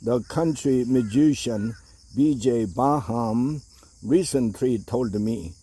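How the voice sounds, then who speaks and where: Guy reading an op-ed out loud, really deep mellow tone, kinda husky. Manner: measured reading with occasional filler hesitations. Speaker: reader of an opinion essay. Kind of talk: reading an essay aloud.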